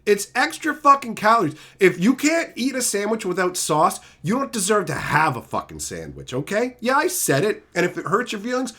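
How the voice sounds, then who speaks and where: A man streaming live, ranting loudly with constant swearing and insults, reading and mocking chat comments. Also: high voice, very animated, moderate pace. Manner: loud, swearing, insulting rants; reads chat comments aloud and mocks them. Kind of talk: profane livestream rant.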